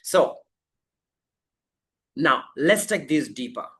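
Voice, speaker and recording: Coach, motivational talk: unhurried delivery, bright edge, emphatic repeated affirmations. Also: medium pitch, lively intonation. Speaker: life coach.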